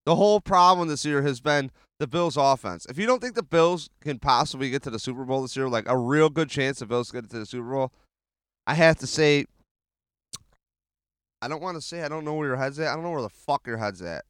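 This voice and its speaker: Man, podcast host, sports rant, swears a lot, excitable, smooth voice, dry close sound. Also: medium pitch, a little fast, dry recording. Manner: profane, excitable, rambling. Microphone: handheld mic.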